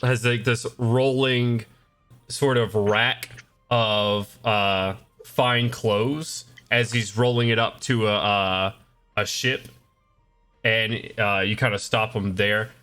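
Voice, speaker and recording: Man, game master, rambling narration, bright forceful voice, faint music behind. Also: fairly low pitch, fairly even intonation, takes it slowly, clear, resonant tone. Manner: rambling, many fillers and restarts. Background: faint battle music.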